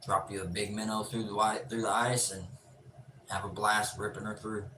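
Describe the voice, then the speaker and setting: Laid-back low-voiced man on a live stream. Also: little pitch movement, moderate pace. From Pennsylvania. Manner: laid-back, joking, swears freely. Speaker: livestream host. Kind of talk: casual live-stream chat. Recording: roomy echo, distant mic, ambient noise.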